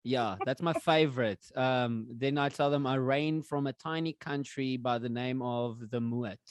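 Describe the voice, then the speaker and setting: A man's voice: medium pitch, unhurried, clear, resonant tone, dry recording. A man hosting a casual podcast, joking around in an easygoing way and dropping frequent ums. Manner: jokey and relaxed, with filler ums. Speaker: podcast host. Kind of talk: casual chat.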